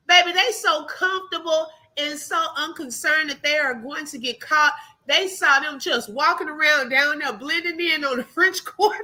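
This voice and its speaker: A woman's voice: high voice, normal speed. A woman hosting a live stream, reacting in casual commentary. She talks animatedly and laughs often. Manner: animated, laughs often, calls viewers "baby" and "girl". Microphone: live-stream mic.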